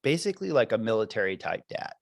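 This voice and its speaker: A man's voice: lowish voice, very animated, quick pace, gravelly, no echo. A man who coaches parents, talking earnestly and reflectively in a podcast conversation, with many fillers.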